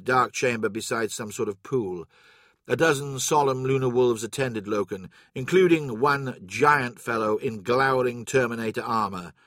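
A man reads a story aloud in a measured, steady manner. His voice sits at a middle pitch, and the recording is dry and close. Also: no echo. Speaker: audiobook narrator. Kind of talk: scripted story narration.

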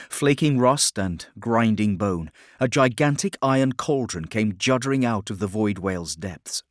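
A male narrator reads a story in steady, measured tones, with a grim, even delivery. His voice sits a touch low for a man. The recording is close and dry, with no room sound. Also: no echo. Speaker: audiobook narrator. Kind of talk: scripted narration.

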